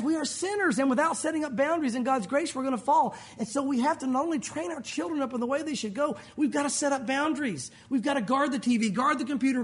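A man preaching a sermon as pastor to his congregation, lively and conversational, acting out the voices of people he quotes. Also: very high voice.

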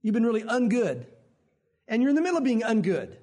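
High, husky-voiced male preacher. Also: a little fast. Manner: animated, conversational preaching with acted quotes. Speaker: pastor. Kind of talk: sermon.

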